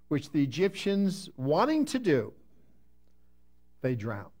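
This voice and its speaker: A man preaching a Bible-teaching sermon, reading scripture slowly with emphasis and then explaining it in a conversational way, sometimes answering his congregation. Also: on the high side, a little mellow. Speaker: pastor.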